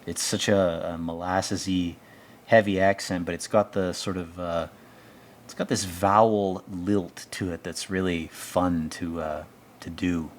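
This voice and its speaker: A man with a fairly low voice talks over a TV episode in loose, rambling commentary. He is sardonic and swears casually, and he riffs as he watches. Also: steady tone, a little slow, a little hiss or hum. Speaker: show commentator.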